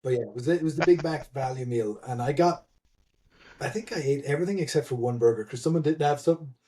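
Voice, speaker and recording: A man telling a story in a casual podcast chat, animated and laughing, with many fillers and restarts. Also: mid-range voice, quick pace. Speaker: guest, event admin.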